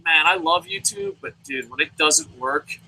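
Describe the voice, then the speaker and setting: A man's voice: fairly high pitch, wildly swooping pitch, unhurried, gravelly, sharp tone, a little hiss or hum, low-quality recording. A young man hosting a casual live wrestling review, ranting profanely and rambling with goofy sound effects. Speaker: wrestling review show host.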